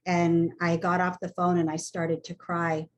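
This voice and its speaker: A woman's voice: fairly low pitch, completely flat delivery, unhurried, highs cut off, a little hiss or hum. An older woman, a hospice nurse, talking frankly and plainly as a guest on a video call. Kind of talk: casual chat on a video call.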